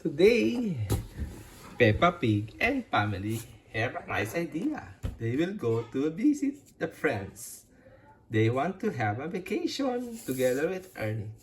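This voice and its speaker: A woman narrating a children's toy play story in a slow, simple, sing-song way. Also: sits low, very animated, slight background noise.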